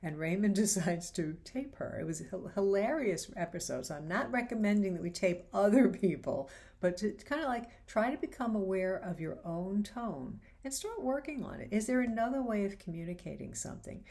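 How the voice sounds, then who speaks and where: A woman hosting a faith-based advice show, talking casually and acting out quoted lines with animated shifts in voice. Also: mid-range voice, moderate pace, few pauses. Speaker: host.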